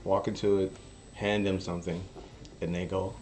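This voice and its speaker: A man streaming poker and chatting casually, an animated storyteller who acts out quotes. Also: low-pitched, normal speed. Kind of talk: casual chat while streaming. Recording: faint music behind. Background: faint music.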